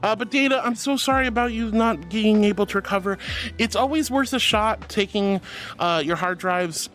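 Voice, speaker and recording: High-voiced man reading chat fondly. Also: normal speed, fairly bright tone, soft background music. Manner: affectionate, calls viewers honey and darling; playful and giggly. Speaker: streamer. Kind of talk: casual live-stream chat reading.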